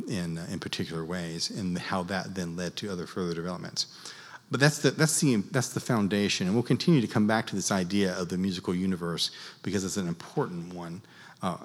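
A man teaching church music to a class, explaining in an unhurried, halting way with many fillers. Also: deep voice. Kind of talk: class lecture leading group chant. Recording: long reverb in a large hall.

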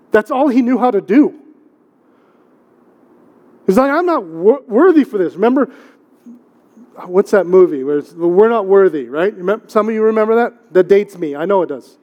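With a darkish tone and a voice that sits high, a middle-aged pastor preaches a conversational sermon in a church sanctuary. Rhetorical questions and repeated words drive his emphasis, and the recording carries long hall reverb.

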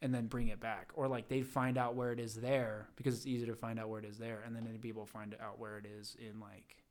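A man's voice: lowish voice, brisk. Young man rambling through a casual story. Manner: rambling, animated storytelling with many fillers and acted-out quotes. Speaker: podcast guest. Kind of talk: casual chat.

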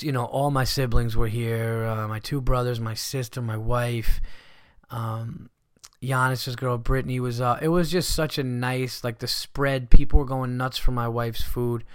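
Profane New comic talking on a dry mic. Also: male voice, medium pitch, fairly bright tone, clean tone, dry recording. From New York. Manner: profane, blunt storyteller who rants and riffs. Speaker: stand-up comedian and podcast host. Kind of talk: casual solo podcast monologue.

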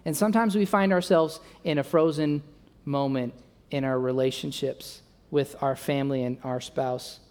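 A young adult man preaching a sermon, telling a self-mocking story and acting out the dialogue with lively energy. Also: mid-range voice, moderate pace, clean tone. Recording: long reverb of a large hall.

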